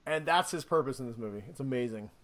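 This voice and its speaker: A man co-hosting a podcast, excitedly rambling through a movie review in casual chat and laughing often. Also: medium pitch, quick pace.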